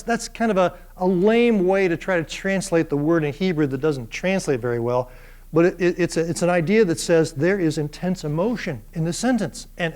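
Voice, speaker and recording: A man giving a university lecture, asking the class questions and acting out the voices of the people in the story. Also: sits high. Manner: lively, acts out voices of biblical figures; asks the class rhetorical questions.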